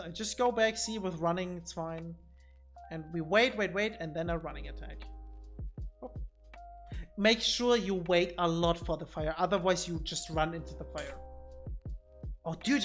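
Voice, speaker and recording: Over a desk mic with faint music in the background, a streamer talks through gameplay in a mid-range voice at a slightly slow pace. Thinking out loud, he often repeats words as he explains boss fights.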